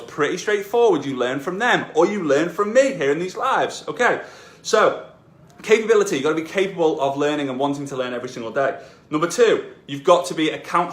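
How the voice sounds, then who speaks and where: A man's voice: on the high side, fairly bright tone. A man coaching network marketers on a casual live stream from his home, rambling and self-deprecating. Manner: chatty, self-deprecating, repeats himself. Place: room at home. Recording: echoey room.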